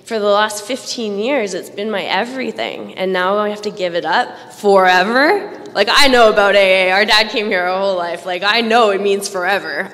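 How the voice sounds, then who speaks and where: Long reverb fills a large event hall as a woman speaks into a stage microphone at a roundup. Her voice is medium in pitch with a fairly bright tone, and her candid recovery testimony is self-deprecating, broken up by laughter between lines.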